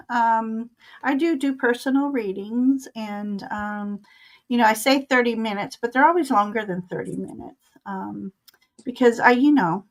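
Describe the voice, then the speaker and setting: Older woman, stream host, fairly high voice, unhurried, chatty, laughs often. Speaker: tarot reader hosting a live stream. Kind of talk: casual live-stream chat.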